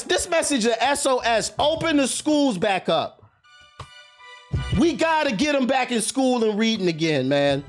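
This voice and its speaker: A man's voice: extremely high pitch, fairly bright tone. A man streaming live, ranting at his viewers in a heated, mocking and profane way.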